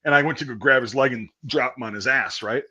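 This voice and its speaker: Profane, animated storytelling man. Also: mid-range voice, fast, breathy edge, dull audio. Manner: profane, animated storyteller, acts out quoted voices. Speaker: podcast host. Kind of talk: casual chat, storytelling.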